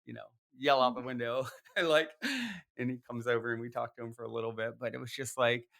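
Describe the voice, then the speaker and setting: Bright-voiced man telling a story. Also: mid-range voice, flat delivery, fairly quick, creaky. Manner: rambling, many fillers and restarts. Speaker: podcast host. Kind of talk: animated storytelling in conversation.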